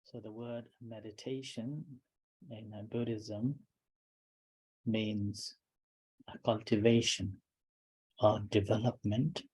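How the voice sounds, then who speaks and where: Slow calm meditation teacher guy, mellow voice, short phrases w pauses. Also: lowish voice, slightly rough, rough recording. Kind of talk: calm dharma talk.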